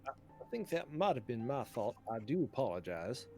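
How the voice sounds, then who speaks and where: A player voicing a formal, apologetic male adventurer in a low voice. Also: big pitch swings, normal speed, warm tone. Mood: polite.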